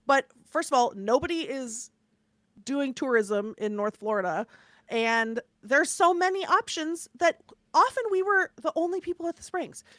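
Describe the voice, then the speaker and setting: A woman co-hosting a podcast, telling a story in a chatty, animated way, with lots of fillers and asides. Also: high-pitched, moderate pace, no echo. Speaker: podcast co-host. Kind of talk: casual chat, storytelling.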